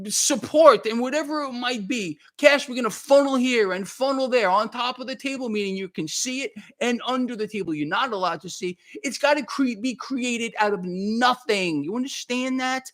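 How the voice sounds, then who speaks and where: A man's voice: very high voice, moderate pace, fairly bright tone. A man hosting a livestream, ranting in a heated, worked-up way, repeating himself and thanking viewers by name. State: worked up and sweating. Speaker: market commentary livestream host.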